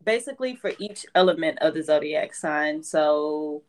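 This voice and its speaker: A woman's voice: sits low, animated, normal speed, a little mellow. A woman co-hosting a casual podcast, easygoing and giggly as she moves the show along.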